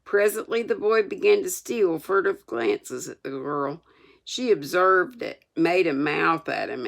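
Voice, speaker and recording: A woman's voice: sits low, creaky, fairly bright tone. An older woman reading a classic novel aloud, adding homespun, chatty asides. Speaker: storyteller.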